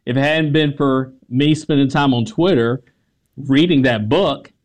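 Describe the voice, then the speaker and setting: A man's voice: medium pitch, a little slow. Southern American man telling a story. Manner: animated, laughs often, repeats words. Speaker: author, history teacher. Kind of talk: interview storytelling.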